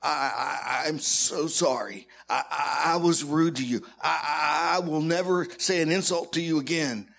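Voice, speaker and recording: A man's voice: a little high, a little slow, creaky, hardly any pauses, a bit bright, breathy edge, full character voice. A man voicing a shivering, frightened parrot that stutters through a meek apology in a joke. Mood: meek, apologetic. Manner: stuttering, repeats words.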